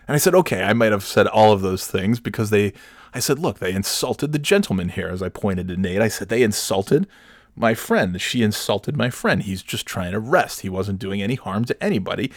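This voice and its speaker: A man casually telling a personal story, animated, swearing freely and acting out the people in it. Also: lowish voice, normal speed, no echo, clean studio sound. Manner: animated, swears freely, acts out voices, laughs mid-story. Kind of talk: casual anecdote.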